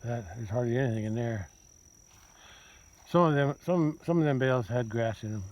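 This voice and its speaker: A man's voice: medium pitch, moderate pace, dull audio. A man farming outdoors in a pasture, casually narrating his work and chatting aloud to his cattle in a rambling way. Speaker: farmer. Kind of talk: casual self-narrated vlog.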